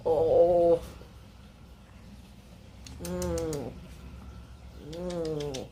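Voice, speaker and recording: A woman's voice: on the low side, expressive, drawn-out words, pauses often, a bit bright, slight background noise. A woman hosting a casual live stream, chatting to her pets and her viewers.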